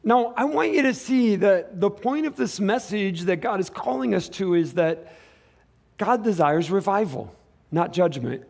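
Pastor, male, fairly high voice, casual animated sermon delivery with acted-out asides. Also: a little slow, vocal fry.

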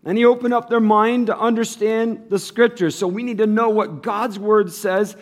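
A man's voice: steady tone, normal speed. A man preaching a sermon, retelling the passage like a story and acting out what the people said. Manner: swings from low and quiet to loud and high. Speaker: pastor.

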